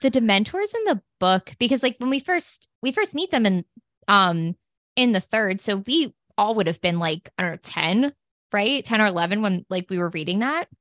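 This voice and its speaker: A woman's voice: mid-range voice, expressive, normal speed, a bit bright, no echo. Rambling woman in her thirties, dry close sound. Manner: rambling, filler-heavy storytelling. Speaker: podcast co-host. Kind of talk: casual chat.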